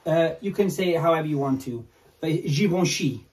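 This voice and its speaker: A man's voice: on the high side, quick pace, darkish tone, recorded from a distance. A man co-hosting a resale vlog who explains things in an opinionated, lecturing way. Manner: opinionated, lecturing, self-assured. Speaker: co-host, luxury reseller. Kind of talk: casual chat, explaining.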